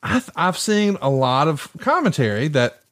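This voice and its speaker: A man's voice: on the high side, very animated, moderate pace, a bit bright. A middle-aged man from Alabama with a Southern accent, co-hosting a casual wrestling podcast, enthusiastic and teasing, with some swearing. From Alabama, USA. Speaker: podcast co-host.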